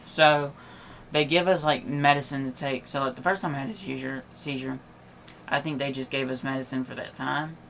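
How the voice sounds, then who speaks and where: A young man with a gravelly voice talks casually on his podcast. He is tired and yawns now and then, and his telling wanders through fillers and half-finished sentences. A faint noise sits behind him. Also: medium pitch, fairly even intonation, moderate pace, fairly bright tone. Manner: rambling, filler-heavy with many likes and restarts. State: tired and yawning. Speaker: podcast host. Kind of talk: casual personal storytelling.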